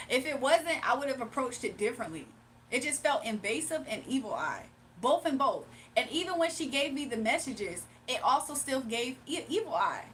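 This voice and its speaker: A woman, hosting a casual livestream as a tarot reader, animated and laughing often as she talks back to her chat. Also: high-pitched, slight background noise.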